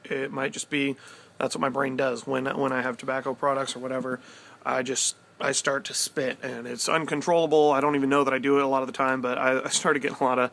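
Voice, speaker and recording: A young man vlogging outdoors in the cold, telling a story in a loose, excitable, rambling way with casual swearing. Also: medium pitch, quick pace, creaky. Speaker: pipe-smoking vlogger. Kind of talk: casual vlog chat.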